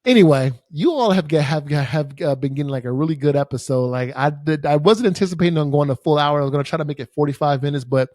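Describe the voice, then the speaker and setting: Talking fast with few pauses, a young man tells stories on his solo podcast in an exasperated, profane, casual rant full of fillers and swearing. His voice is a little high and a little mellow. The studio microphone faces the camera, giving a dry, clean studio sound.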